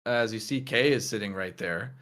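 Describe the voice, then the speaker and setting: A man narrating as game master of a tabletop game, relaxed and filler-heavy. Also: lowish voice, normal speed.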